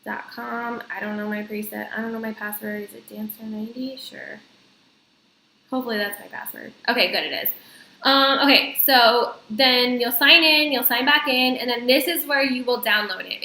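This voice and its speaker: A woman vlogger talks viewers through a casual tutorial, chatty and full of fillers. Her voice is fairly high and bright. The room around her sounds echoey. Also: steady tone, moderate pace. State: slightly out of breath. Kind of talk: casual screen-share tutorial.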